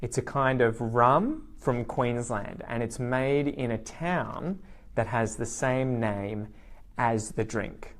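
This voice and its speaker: A man with an Australian accent teaching slang in a live online lesson, lively and repeating key words slowly. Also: medium pitch. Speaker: English teacher.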